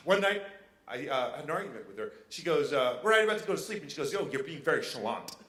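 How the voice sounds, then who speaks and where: Male stand-up, high bright voice, animated, roomy venue with faint noise. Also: quick pace. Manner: animated, swings into loud mock outrage. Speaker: stand-up comedian. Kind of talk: stand-up set. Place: live comedy venue.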